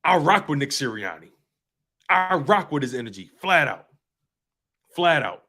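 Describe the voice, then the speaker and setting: A man's voice: a little high, big pitch swings, a little slow, bright, forceful tone. A man hosting a fan sports talk show, speaking passionately and emphatically and repeating phrases for effect. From US East Coast.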